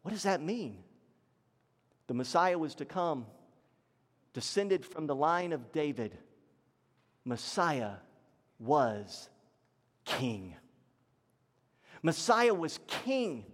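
A male pastor preaching a sermon, swinging between raised emphatic lines and low, hushed ones. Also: big pitch swings, slow pace, pauses often, big-room sound.

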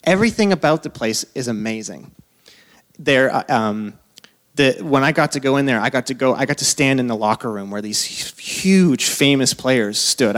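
A man in his thirties who is a pastor, preaching a sermon in a casual, conversational way, full of asides and quick laughs. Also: mid-range voice. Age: 30s.

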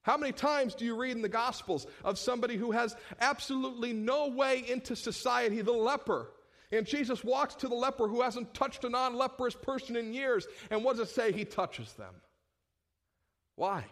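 A pastor preaching a sermon, full of rhetorical questions and swinging between loud bursts and hushed tones. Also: male voice, very high-pitched, normal speed.

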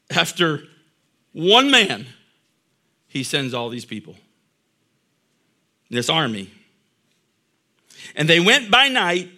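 A man's voice: a little high, big pitch swings, unhurried, long pauses, sharp tone. A middle-aged man preaching a sermon, reading scripture aloud and then explaining it in a conversational way. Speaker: pastor.

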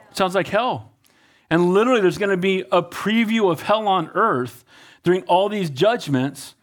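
A man preaching a sermon as pastor, often asking the congregation questions and repeating words as he goes. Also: sits high.

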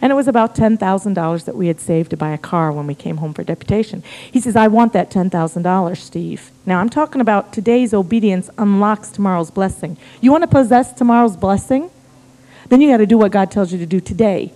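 A middle-aged American woman, a missionary, telling a story in a sermon with humor and a conversational, animated manner. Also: medium pitch, fast. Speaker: missionary guest speaker. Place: church sanctuary. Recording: reverberant church hall.

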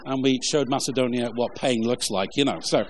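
A man preaching a relaxed, conversational sermon with jokey asides and lots of fillers, reading scripture along the way. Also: medium pitch, slight background noise. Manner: informal, halting, many fillers, jokey asides. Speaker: pastor.

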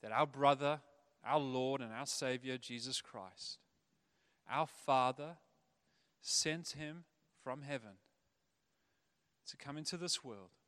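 A man preaching a sermon, animated, acting out the voices of the people in his stories. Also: medium pitch, takes it slowly, pauses often, smooth. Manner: animated, acts out quoted voices. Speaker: pastor.

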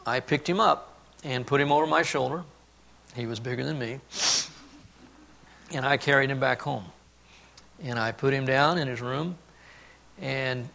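A man preaching a sermon, telling a family story and then speaking earnestly and softly about God's love. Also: medium pitch, measured pace, vocal fry, long pauses. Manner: storytelling, then earnest and hushed on key points. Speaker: pastor.

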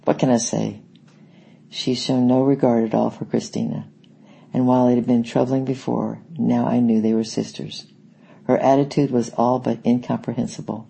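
A man narrating an audiobook in a measured, reflective way. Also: medium pitch, flat delivery, vocal fry, warm tone, breathy edge, poor audio. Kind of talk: scripted narration.

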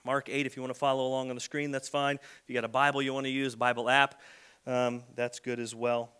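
Bright-voiced man preaching conversationally. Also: medium pitch, flat delivery, a little fast, smooth. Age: adult with a son. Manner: conversational preaching, acts out quoted lines. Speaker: pastor. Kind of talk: sermon.

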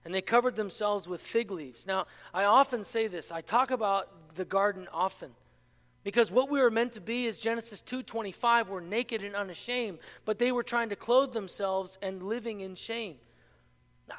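A man's voice: high-pitched, normal speed, a bit bright, big-room sound. A man preaching a sermon as pastor, impassioned, with rhetorical questions and self-mocking humor. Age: adult, married.

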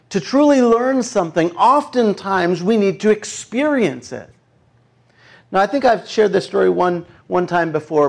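Male pastor, high-pitched, conversational preaching with animated storytelling. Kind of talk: sermon.

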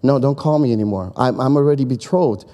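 A young engaged woman firmly waves off unwanted callers, as a male preacher puts her on. She is brisk and dismissive, in a mellow tone with a little quickness. A long hall reverb trails behind. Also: mid-range voice, lightly acted. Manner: brushing callers off curtly.

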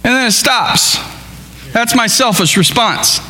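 A man with a high, bright voice delivers a conversational sermon, breaking into rhetorical questions to the congregation. He acts out brief greetings in a lifted voice. The sound carries the long reverb of a church hall. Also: unhurried, a little hiss or hum. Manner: acts out little dialogues in a raised voice. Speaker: pastor.

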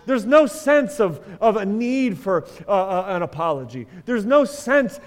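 Male pastor with a high voice, preaching to his congregation with questions and dry jokes; long echo of a big church hall. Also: big pitch swings, a little slow, few pauses. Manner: conversational preaching, asks the congregation questions, wry humor. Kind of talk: sermon. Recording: long reverb of a large hall.

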